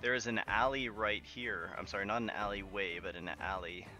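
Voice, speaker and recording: A man running a tabletop game as game master, narrating in a relaxed, casual way full of fillers. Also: on the low side, a little fast, soft background music.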